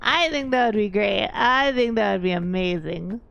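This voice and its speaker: A woman's voice: mid-range voice, animated, moderate pace, gravelly, a bit bright, lo-fi sound. A woman from East Texas, chatting casually as a streamer and thinking aloud in a rambling way.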